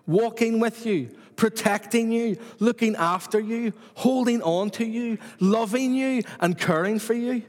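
A man's voice: sits high, measured pace, few pauses, long reverb tail. A man preaching a sermon to his church with repetitive, rhythmic emphasis.

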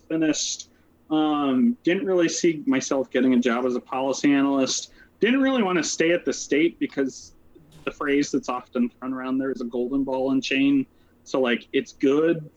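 Speaking at a medium pitch, a man interviewed as a social worker recounts his story casually, wandering off on quick asides and leaning heavily on "like" and "um." The recording has its highs cut off.

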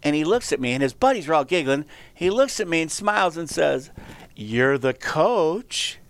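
An older man in his sixties tells animated, funny stories in a radio studio. His voice is smooth and clear, a little high for a man, and sounds dry and close to the mic. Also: fast, no room sound. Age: 60s. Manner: animated storyteller, laughing often. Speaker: radio show guest teacher. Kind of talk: casual radio chat. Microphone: studio microphone.

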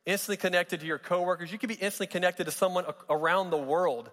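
A man's voice: sits high, fast, fairly bright tone. A man giving a sermon as pastor, conversational and joking, with frequent restarts. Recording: long reverb of a large hall.

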